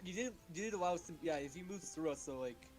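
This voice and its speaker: A man's voice: fairly high pitch, animated, fast talker, over loud music, low-quality recording. A man playing in a tabletop game, talking hesitantly and restarting often while he argues the rules. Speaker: player. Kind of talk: casual tabletop game chat.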